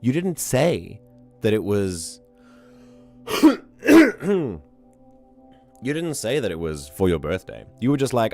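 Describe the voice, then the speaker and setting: Low-voiced hoarse man chatting on stream. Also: very animated, slow pace, long pauses, a little mellow, soft background music. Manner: playful, teasing and talkative. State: hoarse, losing his voice. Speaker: livestream host. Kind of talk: casual livestream chat.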